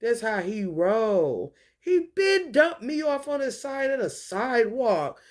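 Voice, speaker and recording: A woman talking in a rambling, casual monologue, profane and free-associating, with an animated delivery. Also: a little high, slow pace.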